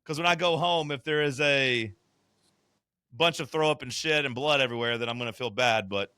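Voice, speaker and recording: A man's voice: mid-range voice, a little fast, bright, forceful tone, clear, resonant tone, dry recording, studio quality. A man co-hosting a podcast in casual chat, blunt, profane and joking. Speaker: podcast co-host.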